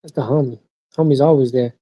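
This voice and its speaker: A man's voice: medium pitch, steady tone, quick pace, warm tone, rough recording. A young man chatting casually on a livestream, slangy and swearing, laughing often. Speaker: streamer. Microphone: streaming mic.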